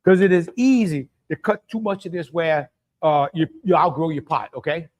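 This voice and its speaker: A man's voice: fairly high pitch, normal speed, darkish tone. Folksy Cajun man cooking live. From Louisiana. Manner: folksy, greets viewers by name, chuckles. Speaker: cooking show host. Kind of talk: live-streamed cooking chat.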